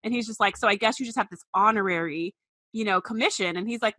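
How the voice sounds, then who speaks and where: Young woman podcast cohost, bright voice, dry close sound, expressive and laughy. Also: medium pitch, quick pace, dry recording. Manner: expressive, laughs while retelling scenes. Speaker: podcast co-host. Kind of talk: casual chat.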